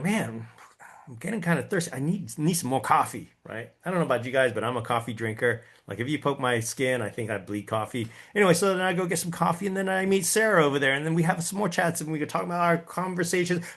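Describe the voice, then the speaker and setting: Lively man teaching a sales class. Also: on the high side, quick pace, creaky, few pauses. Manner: animated, acts out his own inner voice and quotes; folksy, addresses the audience with tag questions. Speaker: real estate sales coach.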